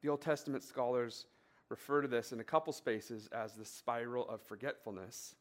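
A man's voice: mid-range voice, moderate pace. A man preaching in an easygoing, conversational way, slipping into anecdotes with casual fillers. He builds to points through repeated, rhythmic phrases. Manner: relaxed storytelling with fillers and emphatic repetition. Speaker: pastor. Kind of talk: conversational sermon with personal story.

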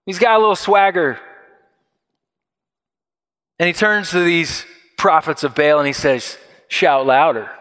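A man delivering a sermon with a slightly high voice, acting out the people he quotes. The sound carries a long reverb from a large hall. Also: unhurried, pauses often. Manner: animated storytelling, acts out quoted voices. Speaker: pastor.

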